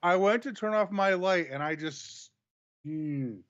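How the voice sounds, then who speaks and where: A man co-hosting a casual review show over a call, calm, dry and understated. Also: high voice, a little slow, clean tone, dry recording, dull audio. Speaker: podcast co-host. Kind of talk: casual chat.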